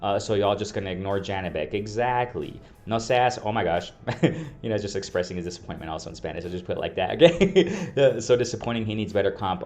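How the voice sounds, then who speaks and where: A man's voice: fairly low pitch, expressive, fast, a little mellow. A man hosting a casual reaction video, reading out comments in an exasperated way, repeating himself and laughing often. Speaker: boxing commentary video host.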